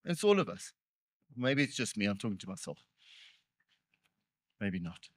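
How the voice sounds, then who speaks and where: A man's voice: lowish voice, sing-song, moderate pace, no echo. A man preaching a sermon in a conversational way, with earnest emphasis and joking, self-deprecating asides. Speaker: pastor.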